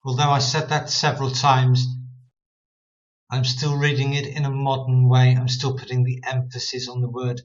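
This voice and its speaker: Male Bible teacher, mid-pitched, unhurried; casual explainer who sounds words out; muffled recording. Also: completely flat delivery. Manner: repeats "okay" often, demonstrates pronunciation aloud. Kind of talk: casual explanatory talk to camera.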